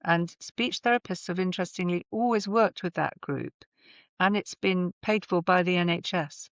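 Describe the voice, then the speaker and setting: A woman's voice: fairly low pitch, moderate pace, dry recording. A woman, a voice therapist, explaining her work thoughtfully with examples in a conversational interview. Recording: slightly dull remote audio.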